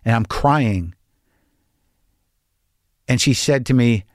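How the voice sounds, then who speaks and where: A man's voice: mid-range voice, slow pace, pauses often, darkish tone, no echo, clean studio sound. A middle-aged man hosting a podcast, rambling and profane, with many restarts. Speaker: podcast host. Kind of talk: casual monologue and interview.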